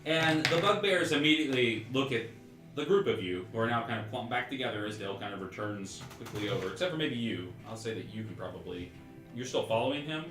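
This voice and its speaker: A man's voice: medium pitch, animated, fast, over music. A man narrating as game master in a tabletop game, rambling with laughing asides. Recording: echoey room, mic far off.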